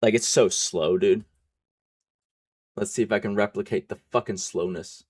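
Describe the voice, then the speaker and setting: A man's voice: fairly low pitch, fairly even intonation, normal speed. A man commenting on a stream in a wry, jokey way with casual swearing. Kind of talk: joking commentary.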